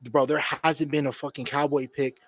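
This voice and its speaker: Hyped-up guy on a live stream, slightly high voice, cussing a lot, dry close sound. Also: flat delivery, moderate pace, dry recording. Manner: hyped, swearing, repeats himself and calls listeners bro and homie. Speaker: streamer hosting a draft watch party. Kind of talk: excited casual live-stream reaction.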